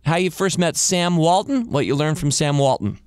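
A man's voice: on the high side, animated, moderate pace, clean tone, no room sound, clean studio sound. A man hosting a podcast interview, enthusiastic and often repeating his opening words. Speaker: podcast host. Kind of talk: conversational interview.

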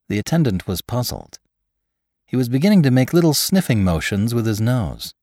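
A man narrating a classic story for a podcast, measured and expressive. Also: mid-range voice, no echo, studio quality.

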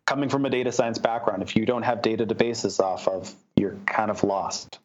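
A man's voice: on the low side, fairly even intonation, fairly quick, dull audio. A man answering interview questions as a startup founder, talking with many fillers and restarts.

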